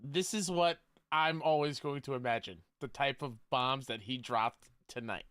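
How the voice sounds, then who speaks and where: A man co-hosting a gaming podcast, excited and quick to laugh. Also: mid-range voice, over a noisy crowd. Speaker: podcast co-host. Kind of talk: casual livestream chat.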